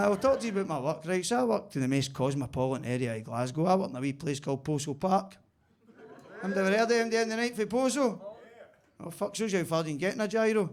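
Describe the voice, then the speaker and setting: High-voiced Glaswegian stand-up comic. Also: male voice. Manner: sweary, conversational storytelling. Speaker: stand-up comedian. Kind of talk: live stand-up comedy. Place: basement comedy club.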